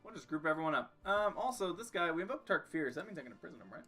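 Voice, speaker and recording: A man's voice: on the high side, big pitch swings, racing, bright, forceful tone, soft background music. A young man casually commenting on his strategy game as he plays, joking and talking to himself and the game. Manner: jokey, talks to himself and the game. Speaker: streamer playing a strategy game.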